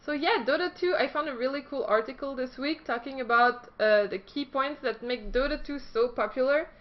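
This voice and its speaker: High-pitched woman doing a casual news vlog, chatty, trips over her reading, kinda dull lo-fi sound. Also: fairly quick. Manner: chatty and self-deprecating, stumbles while reading. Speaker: esports news host.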